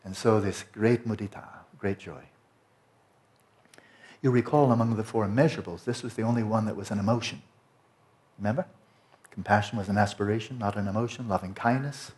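A man teaching a Buddhist Dharma talk, explaining slowly and lingering over Tibetan and Sanskrit terms. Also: lowish voice, a little mellow. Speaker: meditation teacher.

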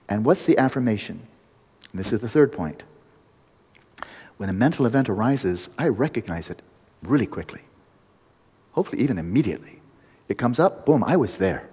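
Meditation teacher guy, husky, jokey between the instructions, big reverby hall. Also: mid-range voice, expressive, moderate pace, long pauses, darkish tone. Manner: playful, joking asides within instruction. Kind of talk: retreat teaching talk.

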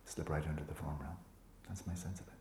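A man teaching meditation to a retreat group, relaxed and playful, often sinking into a soft whisper and teasing students by name. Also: rumbling low, fast, a little hiss or hum. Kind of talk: dharma talk to a retreat group. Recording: echoey room with faint ambience.

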